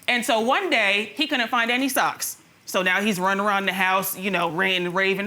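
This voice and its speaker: A woman litigant on a television court show, telling animated stories to the judge about her partner. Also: medium pitch, brisk, hardly any pauses. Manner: storytelling, imitates her partner.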